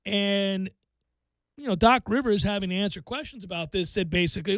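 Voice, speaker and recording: A man hosting a sports talk radio show, excitable and animated, acting out quotes and laughing often. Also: very high voice, a little fast, no echo.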